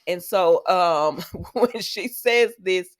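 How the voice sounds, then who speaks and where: Chatty woman with a low voice. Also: very slow, no room sound, clean studio sound. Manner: chatty, digressive, talks back to the characters. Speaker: soap opera recap vlogger. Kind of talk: casual spoken recap.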